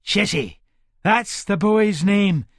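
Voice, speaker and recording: A man's voice: high voice, lively intonation, slow pace, dry recording, clean studio sound, full character voice. A man with a Scottish accent playing a violent, menacing middle-aged hard man, narrating an audiobook in the first person with coarse, swearing speech. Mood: brooding.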